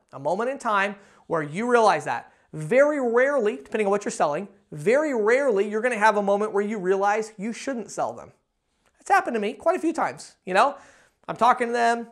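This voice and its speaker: A man giving a sales training talk to camera, energetic, acting out sample pitches in shifting tones.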